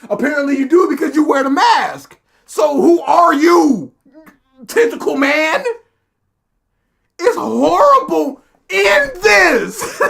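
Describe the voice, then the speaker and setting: A woman's voice: sits high, gravelly, fairly bright tone. A woman streamer ranting in casual commentary, exasperated and sarcastic, mocking characters in put-on voices. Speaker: streamer reacting live.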